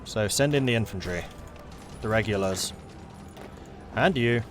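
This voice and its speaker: A man's voice: lowish voice, expressive, a little slow, slight background noise. A man with a South London accent narrating his strategy game playthrough in a playful, theatrical way. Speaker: gaming channel host. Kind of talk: strategy game let's play with dramatic narration.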